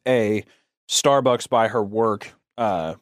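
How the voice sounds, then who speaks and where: A man's voice: lowish voice, takes it slowly, no room sound, clean studio sound. A man guesting on a podcast, telling rambling, self-conscious stories in casual chat.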